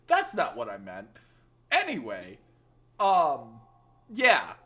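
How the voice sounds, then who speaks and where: A man's voice: medium pitch, wildly swooping pitch, slow pace, sharp tone. A man streaming games, bantering with chat in a joking, teasing way and putting on a playful accent that keeps slipping. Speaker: gaming streamer. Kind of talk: casual live-stream chat.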